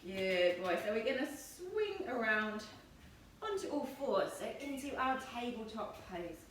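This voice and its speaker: Woman yoga teacher coaxing kids thru poses, gentle + playful, mic far off, lots of room echo. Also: on the high side, very animated, unhurried. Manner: gentle, encouraging, playful instructions. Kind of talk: guiding a kids' yoga class. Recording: echoey room, distant mic, faint noise.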